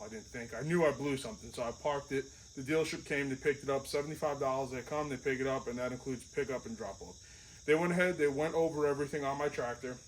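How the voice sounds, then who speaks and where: A man's voice: medium pitch, a little hiss or hum, low-quality recording. A man casually vlogging outdoors beside his tractor. He talks in a rambling, chatty, self-deprecating way. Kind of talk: casual show-and-tell vlog.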